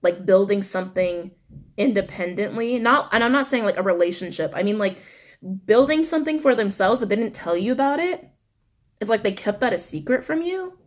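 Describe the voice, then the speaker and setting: A young woman giving a casual tarot reading, animated and blunt, swearing and talking straight to her viewers. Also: mid-range voice, fairly quick. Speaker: tarot reader.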